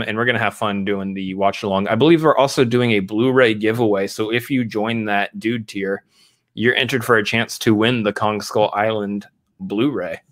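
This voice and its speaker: Man, young adult, co-host, casual live-stream chat, dry teasing, steady explaining. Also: fairly low pitch.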